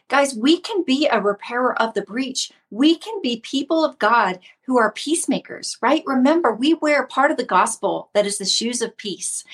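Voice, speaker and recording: Woman, middle-aged, casual devotional talk, livestream host, conversational, repeats words. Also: fairly high pitch. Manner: warm conversational teaching, greets viewers by name, repeats words.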